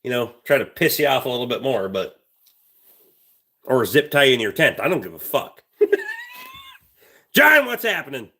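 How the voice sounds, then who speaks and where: A man's voice: mid-range voice, fairly quick, pauses often, fairly bright tone. A man hosting a livestream, telling a rambling story in a blunt, heavily profane way. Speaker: livestream host.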